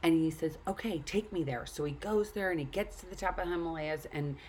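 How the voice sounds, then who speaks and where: Woman, low voice, earnest, motivational talk, storytelling, faint background noise. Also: fast talker, a little mellow. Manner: earnest storytelling, addressing the listener directly. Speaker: speaker.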